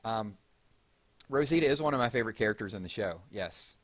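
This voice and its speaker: Male livestream host, Southern drawl, a bit low-pitched, casual and talkative with chat. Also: animated, brisk. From Georgia, US. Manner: chatty, reads chat aloud and gives shout-outs.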